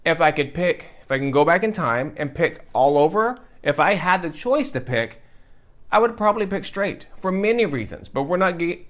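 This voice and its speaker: Earnest man, fairly high voice. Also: fairly bright tone. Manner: earnest, emotional, repeats phrases for emphasis. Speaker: host. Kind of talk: heartfelt direct-to-camera talk.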